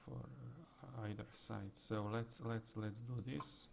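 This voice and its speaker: Slow, gravelly man thinking aloud. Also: on the low side, fairly even intonation. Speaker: chess streamer solving puzzles. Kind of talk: live puzzle-solving commentary, thinking aloud. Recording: faint background noise.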